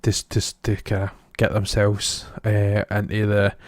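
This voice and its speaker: A man's voice: lowish voice, completely flat delivery, measured pace, darkish tone, dry recording, studio quality. A Scottish man co-hosting a podcast, chatting casually about a film in a rambling, self-deprecating way with frequent laughs. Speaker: podcast co-host. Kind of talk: casual film review chat.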